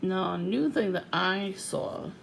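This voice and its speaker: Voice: medium pitch, takes it slowly, creaky, a little hiss or hum, rough recording. An adult vlogger venting in a casual, profane rant to the camera, laughing often.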